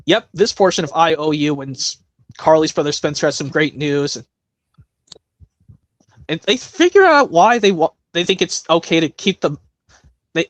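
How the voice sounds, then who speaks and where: A man hosting a casual impressions stream, rambling with restarts and quick bursts of talk. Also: a little high, fairly bright tone, no echo. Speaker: stream host doing voice impressions.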